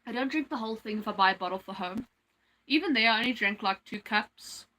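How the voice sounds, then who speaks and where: Bright-voiced girl rambling on her livestream, lots of likes and ums, kinda high. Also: quick pace, rough recording. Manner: chatty, rambling, lots of fillers. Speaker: livestream host. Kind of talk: casual livestream chat.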